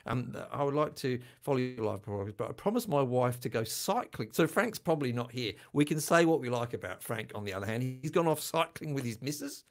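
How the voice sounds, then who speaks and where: An older man hosting a casual livestream chat, self-deprecating and quick to laugh. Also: medium pitch, animated. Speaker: channel host.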